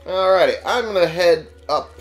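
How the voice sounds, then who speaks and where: A man's voice: high-pitched, lively intonation, moderate pace, soft background music. A man giving casual let's play commentary, sarcastic and swearing as he talks back to game characters. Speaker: gamer playing on a channel.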